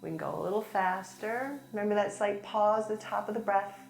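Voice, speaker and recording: A woman teaching a chair yoga class, gently guiding breaths and movements with encouragement and light laughs. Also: mid-range voice, a little fast, creaky. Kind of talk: guided yoga class instruction. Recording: echoey room with soft music. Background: soft background music.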